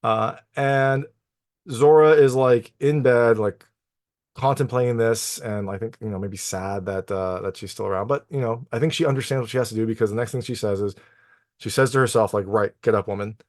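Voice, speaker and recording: A man's voice: mid-range voice, fairly even intonation, moderate pace, darkish tone, no echo, clean studio sound. A man reviewing a film in a loose, chatty plot recap, full of "like" and "you know.". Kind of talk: casual spoken plot recap.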